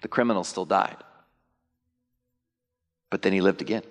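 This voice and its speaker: A male pastor preaching a sermon to his church, animated, sometimes mimicking churchgoers in high put-on voices. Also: normal speed, soft background music. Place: church sanctuary. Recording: long reverb of a large hall.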